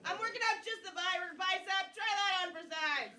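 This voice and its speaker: A woman performing in quick improv games on a comedy stage, loud and playful. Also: very high-pitched. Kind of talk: improv scene play. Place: comedy stage with live audience. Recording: distant mic, loud audience.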